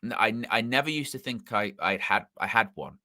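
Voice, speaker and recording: A man with a mixed English accent hosts a casual football fan live stream. His voice sits a little low but comes across bright and forceful. The sound is dry and close, and he rambles, repeating and correcting himself as he talks. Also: lively intonation, brisk, no room sound. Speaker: football channel host.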